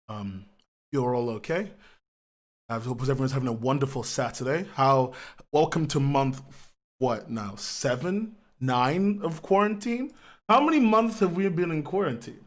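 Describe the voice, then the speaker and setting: Rambling casual male stream host. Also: medium pitch. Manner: rambling, greets viewers by name, frequent laughs and restarts; swears casually. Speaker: podcast host. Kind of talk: casual pre-show ramble on a livestream.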